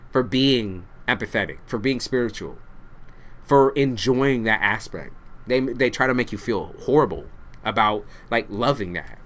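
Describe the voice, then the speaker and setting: A man's voice: medium pitch, fairly bright tone. A man reads tarot to camera in an ordinary mid-range voice. He is blunt and curses freely. He speaks straight to the listener and hammers his points home by repeating them. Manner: blunt, profane, repeats for emphasis; addresses the listener directly. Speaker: tarot reader.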